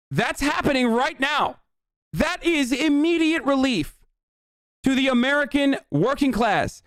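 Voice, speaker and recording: A man's voice: very high voice, fairly bright tone, no room sound, studio quality. A man in his thirties, a streamer giving heated, sarcastic political commentary, swearing often. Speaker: streamer reacting to a news clip.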